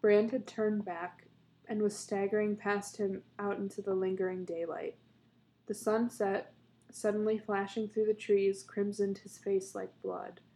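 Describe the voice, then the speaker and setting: A woman narrator reading a short story aloud in a steady, measured storytelling manner. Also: mid-range voice, a little hiss or hum.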